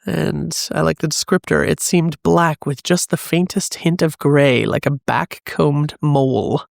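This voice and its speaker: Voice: mid-range voice, measured pace, creaky, no room sound, studio quality. A podcast co-host chatting casually about a novel and reading passages aloud with a laugh. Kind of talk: casual book discussion.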